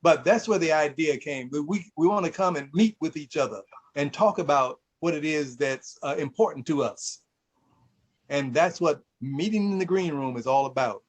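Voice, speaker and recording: A man's voice: a little high, normal speed, poor audio. A man hosting a casual conversation and telling stories with frequent laughter. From Mississippi, USA. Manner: storytelling, laughs often. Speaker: host.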